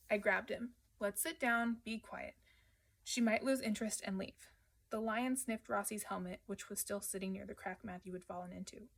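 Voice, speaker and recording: A woman reading a children's adventure novel aloud, narrating in the first person at a steady, lively pace. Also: medium pitch, gravelly. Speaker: audiobook reader. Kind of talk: children's book read aloud.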